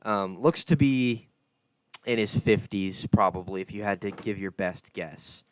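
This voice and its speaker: Laid-back low-voiced game master. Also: male voice, a little slow, a little hiss or hum. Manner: laid-back, descriptive narration. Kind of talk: narrating a tabletop game.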